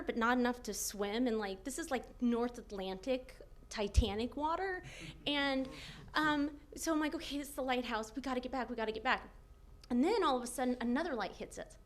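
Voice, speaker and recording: A young woman telling a comic personal story, animated and laughing often as she acts out what people said. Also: on the high side.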